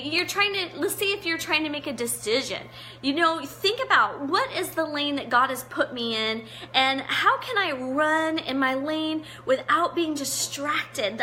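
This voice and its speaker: A middle-aged woman hosting a live devotional chat, reading out viewer comments in an encouraging, chatty way. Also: high-pitched. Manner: warm encouraging, chatty, greets viewers by name. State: teary-eyed. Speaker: online show host.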